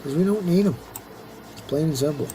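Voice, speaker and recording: A man's voice: fairly high pitch, lively intonation, brisk, mellow, slight background noise. A middle-aged man casually commenting on his own strategy gameplay, rambling and talking to himself as he plays. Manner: rambling, chatty, talks to himself while playing. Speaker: let's-play host.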